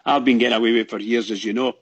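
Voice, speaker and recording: A man's voice: mid-range voice, steady tone, racing, breathy edge. A man co-hosting a fan radio show, chatting in a rambling, enthusiastic way. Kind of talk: casual chat.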